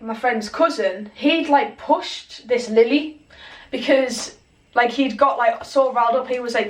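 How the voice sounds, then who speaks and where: Young woman ranting through a night-out story, highish voice, echoey room, mic a bit far off. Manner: animated, swears a lot, acts out quotes. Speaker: vlogger. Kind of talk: casual storytelling.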